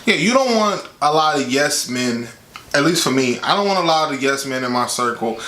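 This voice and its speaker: A man's voice: fairly high pitch, normal speed. A man talking candidly about relationships in a casual advice vlog, speaking frankly to his viewers. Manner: candid, conversational, quotes with animated voice. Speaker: vlogger giving relationship advice. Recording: echoey room.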